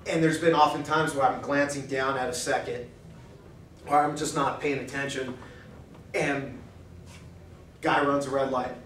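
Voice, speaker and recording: A man speaking at a men's breakfast in a cafe, preaching in an animated way and acting out quoted thoughts in a hushed voice. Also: medium pitch, a little slow, long pauses, slight background noise. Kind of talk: preaching talk. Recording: echoey room, mic far off.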